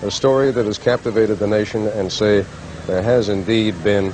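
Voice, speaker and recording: A male news reporter with a low voice speaks in a measured, composed way. He delivers a live broadcast report. The faint background hum fits an old television broadcast. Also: steady tone, a little mellow, low-quality recording.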